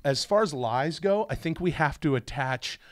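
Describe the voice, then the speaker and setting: A middle-aged man chatting as a podcast guest, telling animated stories with sudden yelps, his voice wavering as if choked up. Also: on the high side, moderate pace, a crowd in the background. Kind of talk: casual podcast chat.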